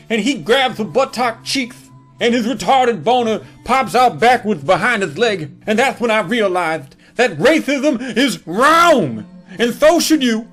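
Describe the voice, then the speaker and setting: A man telling a crude comedic story from his childhood, with a mocking, punchline-driven delivery. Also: sits high.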